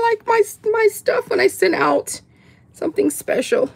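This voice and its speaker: A woman with excitedly unboxing gifts on a livestream, gushing, gasping and laughing often. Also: extremely high pitch, measured pace, gravelly. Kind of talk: excited live unboxing chat.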